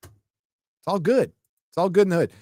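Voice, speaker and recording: A man's voice: high voice, a little fast, a little mellow, dry recording. Profane ranting man on a dry mic. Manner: profane, ranting, sarcastic asides. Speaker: livestream host reading viewer comments. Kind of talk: casual live-stream chat.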